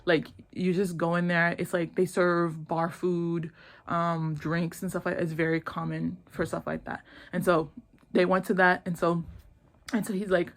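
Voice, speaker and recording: Young woman host, casual chat, slangy and animated storyteller. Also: fairly low pitch, unhurried. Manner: animated, slangy, with many "like"s, acting out characters' lines. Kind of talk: casual chat retelling a drama plot.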